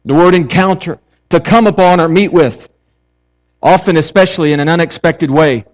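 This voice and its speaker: Male pastor, high voice, fervent and chatty from the pulpit. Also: moderate pace, poor audio. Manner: passionate, conversational preaching with casual asides. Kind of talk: sermon.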